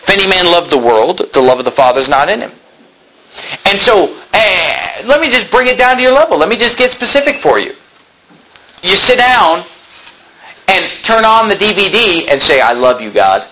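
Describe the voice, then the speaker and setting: A middle-aged man preaching a sermon, reading scripture aloud and swinging between loud emphatic peaks and low asides. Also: animated, normal speed, rough recording. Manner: reads scripture aloud in King James wording. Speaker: pastor.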